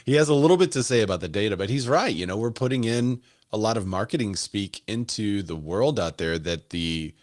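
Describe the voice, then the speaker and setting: A man's voice: on the low side, animated, a little fast, few pauses. A man hosting a real estate podcast in casual, chatty panel talk, often laughing. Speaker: podcast host.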